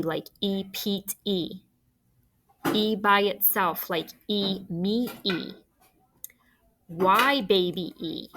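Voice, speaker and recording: A woman's voice: medium pitch, a bit bright, slight background noise. A woman teaching a phonics lesson, patiently dictating words and sounds and encouraging young students.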